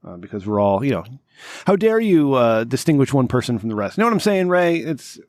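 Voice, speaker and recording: A man's voice: mid-range voice, lively intonation, quick pace, darkish tone, no echo, studio quality. A man hosting a comedy podcast, rambling and sarcastic with a lot of swearing, groggy from having just woken up. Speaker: podcast host. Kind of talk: casual comedic podcast chat.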